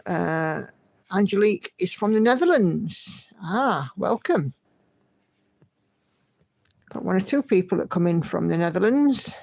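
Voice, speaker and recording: A woman hosts a relaxed livestream from home, greeting viewers by name in a friendly, chatty way. Her voice has a gravelly edge, and the sound is dry and close. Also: fairly low pitch, measured pace, pauses often, dry recording. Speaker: livestream host. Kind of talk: casual livestream chat, reading viewer comments.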